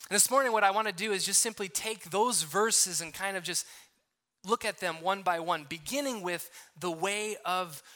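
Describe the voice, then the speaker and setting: A man's voice: high-pitched, moderate pace, sharp tone. A man preaching a sermon, explaining a passage word by word with frequent restarts and asides. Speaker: pastor.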